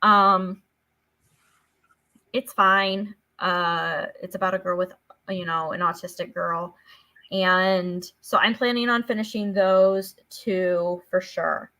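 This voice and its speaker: A woman's voice: on the low side, steady tone, slow pace, bright, forceful tone. A woman co-hosting a live book discussion, chatting casually with many "like" fillers.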